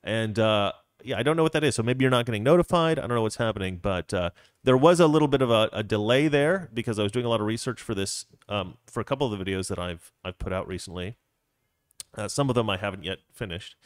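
A man with a fairly low voice hosts a casual political live stream. He rambles, restarting his sentences and filling pauses. The sound is dry and close, with no room echo. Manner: rambling, frequent restarts and fillers.

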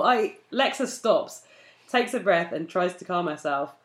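A woman's voice: fairly low pitch, animated, unhurried, reverberant, slight background noise. Laughing woman reading fan fiction aloud. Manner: jokey, breaks into laughter while reading. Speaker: podcast co-host.

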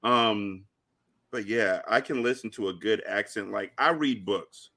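Bright-voiced, cussing man podcast host. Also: fairly low pitch, a little slow. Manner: profane, animated storytelling. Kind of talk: casual podcast chat.

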